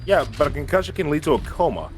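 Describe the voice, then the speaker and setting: A man's voice: on the high side, big pitch swings, quick pace, soft background music. A man co-hosting a casual gaming chat with dry, matter-of-fact remarks. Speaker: co-host.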